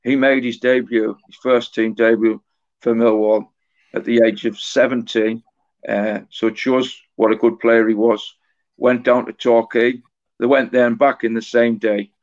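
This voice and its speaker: The recording is a bit dull and lo-fi, carrying the low, even voice of a middle-aged man with little variation in pitch. He's an author guesting on a casual podcast, telling stories from memory in a halting, anecdotal manner.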